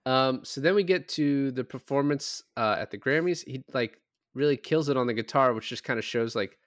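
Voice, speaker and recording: This is a man chatting on a film podcast, recapping scenes in a loose, rambling way. He quotes the characters as he goes, fills the gaps with "like" and "um", and swears without a second thought. His voice sits at an ordinary middle pitch. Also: normal speed. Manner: retells scenes with quoted lines, lots of "like" and "um"; swears casually. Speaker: podcast co-host. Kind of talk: casual chat.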